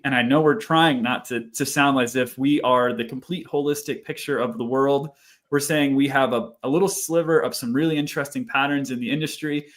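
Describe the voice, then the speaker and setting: A man answers interview questions in a relaxed, reflective way. He thinks aloud, restarts sentences and drops small soft laughs between phrases. His voice sits in an ordinary middle pitch. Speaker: guest researcher. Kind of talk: casual webinar interview.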